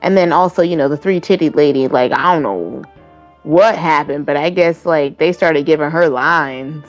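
A woman co-hosting a casual podcast chat, animated and profane, with a constant "like" in her talk. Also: low voice, normal speed, muffled recording, soft background music. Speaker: podcast co-host.

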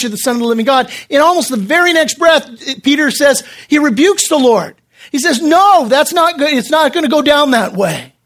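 A man's voice: extremely high pitch, a bit bright. A male pastor giving a sermon to a congregation in a church room, talking casually, often restarting his phrases and briefly acting out the people he quotes. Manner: conversational preaching with frequent restarts, acting out quoted voices.

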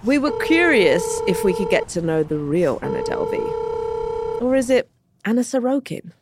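A woman's voice: medium pitch, sing-song, moderate pace, heavy background noise. A woman co-hosting a podcast, narrating with an amused, storytelling manner. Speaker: podcast co-host.

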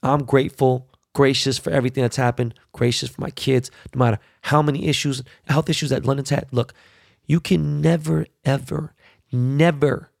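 A man with a gravelly, fry-edged voice rants as a podcast host. He is profane and heated, and hammers his points by repeating words. The sound is dry and close. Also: mid-range voice, flat delivery, a little fast, few pauses, no echo. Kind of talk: casual ranting commentary.

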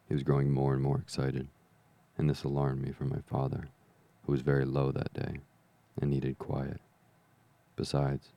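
A man reading an old adventure novel aloud as a calm bedtime story, slow, even and soothing. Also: a bass voice, vocal fry, dull audio. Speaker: podcast reader.

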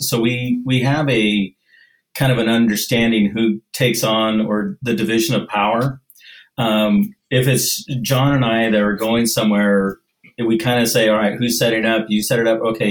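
Male guest, measured and hesitant, low voice. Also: poor audio. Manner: measured, with frequent "um" and "kinda". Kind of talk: casual interview.

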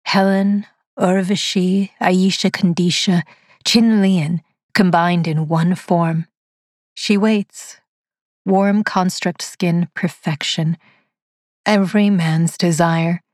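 A woman narrating a dark science-fiction story in a slow, measured, dramatic reading. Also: fairly low pitch, steady tone, no echo, studio quality. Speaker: audiobook narrator.

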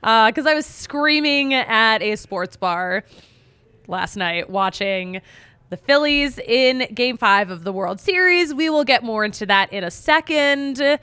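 A chatty woman with a Philadelphia accent hosts a sports podcast, her voice hoarse and worn from screaming. Her tone is bright and her pitch sits a little high, and she often laughs at herself. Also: animated, a little slow. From Philadelphia area. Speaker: podcast host. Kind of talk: casual sports podcast chat.

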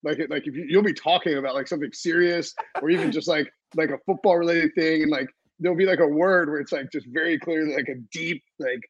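Upbeat husky-voiced male podcast host. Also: on the high side, quick pace, few pauses, no room sound, highs cut off. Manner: rambling, energetic, many fillers and restarts. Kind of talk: casual podcast chat.

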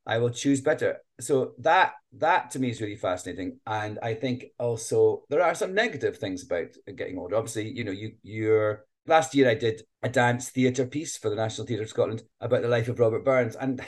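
A man's voice: mid-range voice, expressive, fairly quick. Chatty man in his late fifties. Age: 50s. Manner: musing, chatty, laughs often. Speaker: guest performer. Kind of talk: casual interview chat. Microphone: video call.

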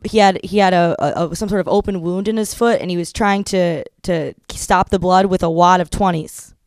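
A woman's voice: fairly low pitch, fairly even intonation, normal speed, darkish tone, no room sound. A woman, a guest in a casual comedic chat, telling wry, self-deprecating stories.

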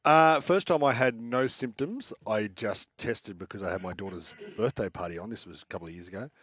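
A man's voice: fairly low pitch, fairly quick, a bit bright. A man, a regular panelist on a sports talk show, chatting in a laid-back, self-mocking way in a small studio. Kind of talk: casual sports chat.

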